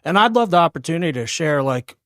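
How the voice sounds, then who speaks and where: A man's voice: fairly high pitch, lively intonation, fast talker, a bit bright, dry recording, clean studio sound. A man around forty co-hosting a podcast, speaking sincerely and from the heart. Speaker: podcast co-host. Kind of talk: podcast interview.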